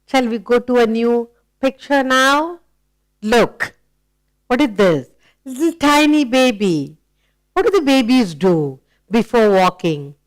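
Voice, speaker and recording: Slow, smooth-voiced woman teaching children. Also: mid-range voice, rough recording. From India. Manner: slow, coaxing, asks questions and praises. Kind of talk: children's phonics lesson.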